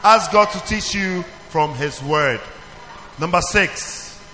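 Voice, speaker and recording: A man with a high voice leads a children's church through its lessons, firing questions and waiting for the answers. He calls on the group again and again. The sound carries a long reverb from a large hall. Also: takes it slowly. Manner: animated, questioning the audience, calling for answers. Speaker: pastor teaching children. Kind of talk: call-and-response teaching to a children's church.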